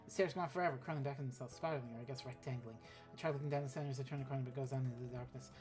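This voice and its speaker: A woman's voice: rumbling low, steady tone, very fast, music in the background. A woman streamer reading a text adventure game aloud, with offhand asides and swearing.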